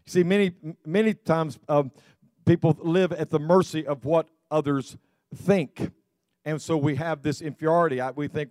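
Fairly high-voiced man preaching a sermon. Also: steady tone, moderate pace, a little mellow, no echo. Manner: repetitive restarts, folksy storytelling. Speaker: pastor.

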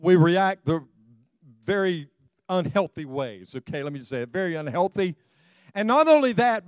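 A man's voice: sits high, clean tone, dry recording, clean studio sound. A middle-aged man preaching a sermon to his congregation, telling stories with self-deprecating humor and speaking to them directly. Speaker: pastor.

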